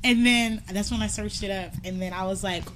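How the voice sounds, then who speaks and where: A young woman in casual chat, telling an expressive story and acting out what others said. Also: mid-range voice, fairly quick, a little hiss or hum. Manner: expressive, acts out quotes with laughter. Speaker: panelist.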